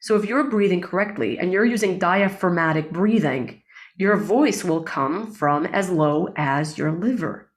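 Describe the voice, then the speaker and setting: A woman's voice: fairly low pitch, unhurried. A woman guest on an interview, a breathwork facilitator explaining ideas earnestly, often checking in with "right?" and quoting Hebrew prayers. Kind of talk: reflective interview talk.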